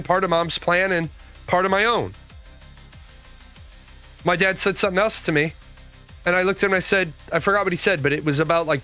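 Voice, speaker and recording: Blunt, profane man with a bright voice. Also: high voice. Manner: blunt, profane, talks back to viewer comments. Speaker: podcast host. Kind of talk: opinionated casual commentary.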